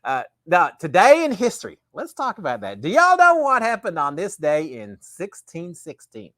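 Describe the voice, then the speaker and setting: A man's voice: high voice, wildly swooping pitch, normal speed, fairly bright tone, no echo, studio quality. A middle-aged man, hosting a casual live show in a rambling, folksy way. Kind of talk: casual live-stream chat.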